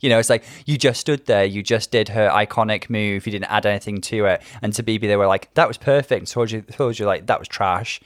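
A man co-hosting a casual podcast, chatty and quick to laugh, with frequent fillers. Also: on the low side, steady tone, dry recording, clean studio sound. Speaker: podcast co-host.

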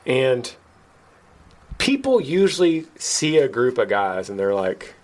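A podcast host with a mid-range voice tells a story slowly in casual chat. He's animated, raising his voice to act out quoted lines, and laughs at himself partway through.

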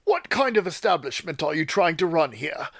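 A pompous adventurer, as a man puts him on in a tabletop game, grandiose and florid. His high voice swoops widely, gravelly in a dry, close-sounding space. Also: sing-song, normal speed, no room sound, full character voice. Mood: indignant. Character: pompous, self-assured male adventurer.

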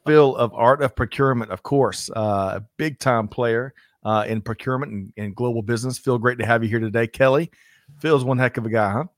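A man's voice: mid-range voice, brisk, dry recording, studio quality. A man co-hosting a business livestream, greeting viewers by name with upbeat, joking banter. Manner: energetic, reads out viewer names, jokey. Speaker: livestream co-host. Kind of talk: upbeat live show banter.

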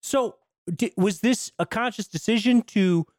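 A man casually chatting about a movie as podcast co-host, animated and laughing easily. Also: sits high, no echo, studio quality. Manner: animated, laughing, does quick impressions. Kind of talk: casual movie review chat.

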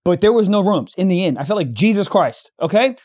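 A young man co-hosting a podcast, telling a story in casual chat, animated and profane, acting out the dialogue. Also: sits high, a little fast. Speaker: podcast co-host.

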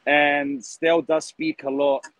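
A man's voice: fairly high pitch, level tone, takes it slowly, a bit bright, rough recording. A man, a fan dropping into the conversation on his break, cheeky and grateful as he speaks to the guest. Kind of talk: casual chat.

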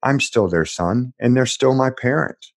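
A middle-aged man, a podcast guest, speaking earnestly and haltingly about personal loss. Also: medium pitch, animated. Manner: earnest, halting with repeated starts. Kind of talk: reflective conversation.

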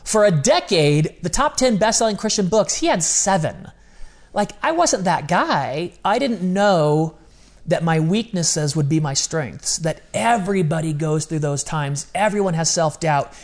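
A man's voice: a little high, lively intonation. Earnest man, candid podcast talk. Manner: earnest, confessional, quick bursts of speech. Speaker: podcast co-host.

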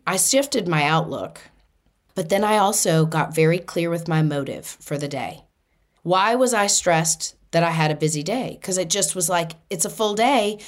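A woman hosting a spiritual self-help podcast, talking earnestly in long lists and rising into bright excitement when she quotes herself. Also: lowish voice, normal speed. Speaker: podcast host.

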